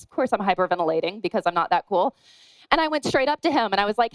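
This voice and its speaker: Woman speaker, fairly high voice, chatty and self-mocking conference talk, dry close sound. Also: expressive, very fast, dry recording, rough recording. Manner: chatty and self-deprecating, acts out dialogue. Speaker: wedding photographer giving a talk.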